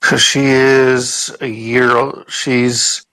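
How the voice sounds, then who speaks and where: A man in his thirties with a mid-pitched voice. He sounds tired and gives flat, worn-out replies in a casual chat with friends. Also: extremely slow, dry recording, poor audio. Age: 30s.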